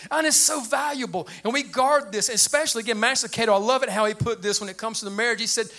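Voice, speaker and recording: An older man preaching with a high voice that sits well above most men's. His tone is bright and forceful, and he talks in a lively, plain way to his congregation. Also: fast talker. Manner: animated preacher with a light, high voice and plain speech. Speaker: pastor. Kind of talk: sermon.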